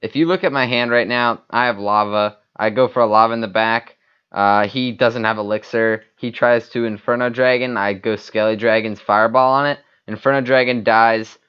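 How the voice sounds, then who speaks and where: A man's voice: mid-range voice, steady tone, normal speed, clear, resonant tone, muffled recording. A man giving casual, rambling commentary over a mobile game replay, full of fillers and restarts. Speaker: gaming YouTuber.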